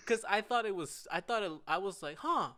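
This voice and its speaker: A man's voice: high voice, a little fast, a crowd in the background. A young man, a podcast co-host, telling a story in casual chat, laughing and acting out quotes as he goes. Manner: animated, laughs through his stories, acts out quotes.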